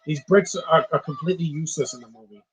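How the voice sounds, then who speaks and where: A man's voice: a little high, fast talker, slight background noise, rough recording. A man giving casual live commentary on a movie, opinionated and ranting about what he dislikes. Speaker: film commentator.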